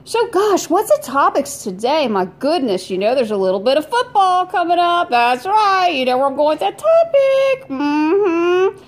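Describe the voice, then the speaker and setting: A woman's voice: extremely high pitch, very animated, normal speed. A woman hosting a podcast, chatting casually to her listeners with jokes and rhetorical questions. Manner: chatty, joking, rhetorical asides to the audience. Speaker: podcast host.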